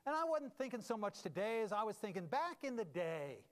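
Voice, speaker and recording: High-pitched guy preaching, jokey and self-mocking, goes from loud bursts to quiet asides, big echoey church sound. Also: very animated, fairly quick. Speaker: pastor. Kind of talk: humorous sermon storytelling.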